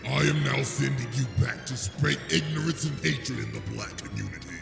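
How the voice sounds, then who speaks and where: An actor voicing a menacing male devil in a cartoon, slow and commanding, with a gravelly voice. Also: medium pitch. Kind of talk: cartoon clip. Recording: cartoon clip audio with cavernous reverb and music underneath.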